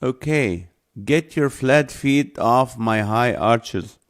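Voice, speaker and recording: A man's voice: medium pitch, takes it slowly. A man hosting a live online show, reading viewer comments aloud and chuckling often.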